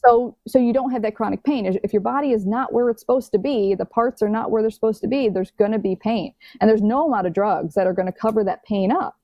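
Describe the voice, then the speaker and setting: A woman's voice: medium pitch, quick pace, hardly any pauses, no echo, highs cut off. A woman who works as a diabetes health coach, speaking as a guest on a podcast in emphatic, casual conversation and often restarting words.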